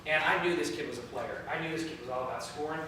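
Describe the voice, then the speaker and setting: A man who leads a youth ministry, giving a storytelling training talk, lively and often repeating words as he searches for them. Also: a little high, fast, distant mic, slight background noise. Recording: echoey room, voice from afar.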